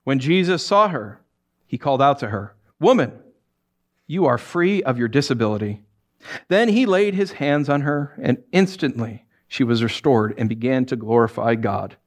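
A male pastor delivers a casual, meandering sermon in an ordinary mid-pitched voice. He talks the way he would in conversation, with plenty of "uh" and restarts. He slips readily into quoted voices and dry humor to make his point. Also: moderate pace. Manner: conversational, animated preaching with many fillers and self-corrections; swings into acted quotes and wry humor.

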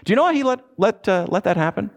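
A man preaching to his church as its pastor, with a slightly high voice. He tells personal stories in a lively way, often rising in pitch as he acts out his own frustration. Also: fast, creaky. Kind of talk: sermon.

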